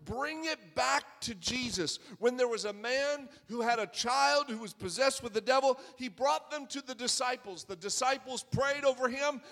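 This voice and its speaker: A man's voice: very high voice, a bit bright, long reverb tail. A man preaching a sermon in a conversational way that builds to fervent crescendos. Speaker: pastor.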